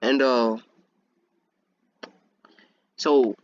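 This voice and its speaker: A man's voice: medium pitch, measured pace, pauses often, fairly bright tone, highs cut off, a little hiss or hum. A young man casually telling a fan story, rambling with many restarts and laughing at himself. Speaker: fan video creator.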